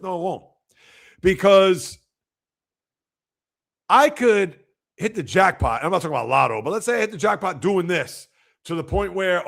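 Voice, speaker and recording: A man hosts a casual sports livestream in a raised, gravelly voice. He rambles and fires off rhetorical, exasperated questions. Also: high-pitched, expressive, moderate pace, fairly bright tone.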